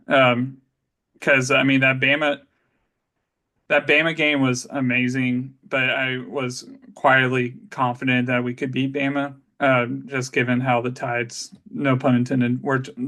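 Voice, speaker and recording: Bright-voiced man, rambling sports chat. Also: mid-range voice. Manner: chatty, rambling with restarts. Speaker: podcast co-host.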